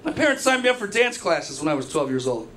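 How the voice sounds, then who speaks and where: A man's voice: a little high, sing-song, quick pace, a bit bright, some chatter behind. A young man doing a brash, profane stand-up routine full of stories. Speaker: stand-up comedian.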